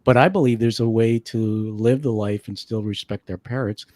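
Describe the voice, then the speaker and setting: A man hosting a radio interview show, speaking in measured, reflective statements. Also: medium pitch, darkish tone. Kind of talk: interview conversation.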